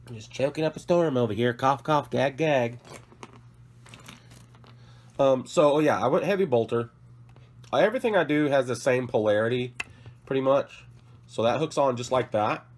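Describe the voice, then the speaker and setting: A man with a cough, sick, hosting a casual hobby vlog from his work table, rambling and correcting himself as he shows off models. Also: mid-range voice. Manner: rambling, self-correcting, apologetic. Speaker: hobby channel host.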